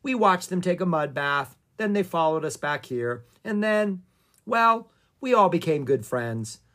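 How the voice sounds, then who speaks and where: The narrator of a storybook reading, voicing an eager, excited young girl in a raised, chirpy voice. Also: medium pitch, unhurried, pitched above the performer's own voice.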